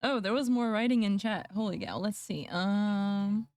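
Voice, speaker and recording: A woman's voice: mid-range voice, moderate pace, a little mellow, dry recording. A woman streamer chatting casually with her viewers, laughing often and mocking herself. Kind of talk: casual livestream chat.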